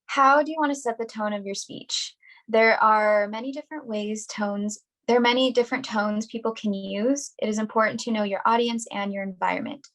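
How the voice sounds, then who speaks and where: A young woman on a video call reading a prepared workshop presentation in a clear, deliberate, instructional way. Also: fairly high pitch, fairly even intonation, fairly bright tone, rough recording.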